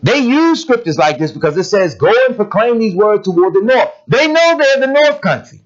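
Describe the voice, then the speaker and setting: A man's voice: sits high, very animated, moderate pace. A man preaching a sermon, driving his points home with blunt, emphatic rhetorical questions and casual, plain-spoken phrasing. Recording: dull lo-fi recording.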